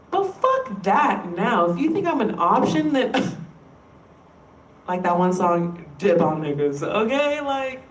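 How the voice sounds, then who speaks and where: In a room of an indoor workplace building, a woman vlogger delivers a casual, rambling monologue, emphatic and profane. Her fairly high voice sits far from the mic in an echoey room, with slight background noise.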